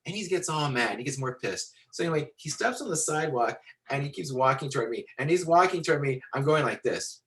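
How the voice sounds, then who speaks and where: Animated man telling a story in a lecture. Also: on the high side, fairly quick, low-quality recording. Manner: animated, rambling with fillers and restarts. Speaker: storytelling instructor. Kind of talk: lecture with acted-out anecdote.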